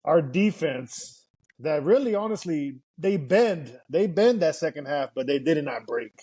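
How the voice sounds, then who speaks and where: Brief: male podcast co-host, slightly higher voice, eager casual game recap. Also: expressive, unhurried, dark tone, husky. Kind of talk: casual sports chat.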